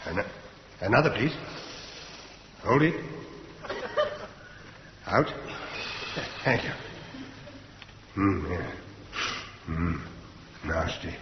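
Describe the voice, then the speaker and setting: A man's voice: low-pitched, sing-song, extremely slow, pauses often, heavily acted. An actor playing a flippant, cheery bomb disposal officer who chuckles as he talks, in a radio sitcom. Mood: breezy. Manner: chuckling, breezy, offhand. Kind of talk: 1970s radio sitcom acting. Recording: echoey hall, dull radio recording, hiss.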